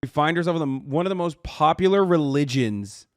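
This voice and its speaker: A man's voice: on the high side, expressive, brisk, no room sound, studio quality. A man in his thirties who streams and reacts to a video, talking casually, bluntly and mockingly with a lot of slang. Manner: blunt, slangy, mocking, bursts into loud laughter.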